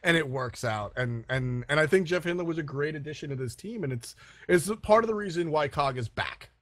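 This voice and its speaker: A man casting an esports match, chatty and quick to laugh, often restarting his sentences. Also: fairly high pitch, animated, fairly bright tone, no echo. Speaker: esports caster. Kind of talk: play-by-play commentary.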